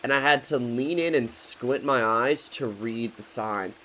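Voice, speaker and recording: A man's voice: medium pitch, a little slow, sharp tone, a little hiss or hum, rough recording. A man in his twenties telling a rambling, profane storytime in a casual, joking way. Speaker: vlogger.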